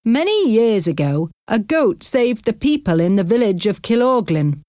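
A woman reading aloud and voicing a relaxed, friendly country man with a horse and cart. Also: medium pitch, normal speed, dry recording, studio quality, voice pushed up, close to an everyday voice. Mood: easygoing. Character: easygoing older Irish man with a horse and cart.

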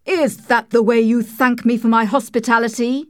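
A woman putting on an angry Victorian gentleman. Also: fairly high pitch, big pitch swings, measured pace, dry recording, studio quality. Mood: furious. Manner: shouting, commanding. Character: angry short-tempered Victorian gentleman husband.

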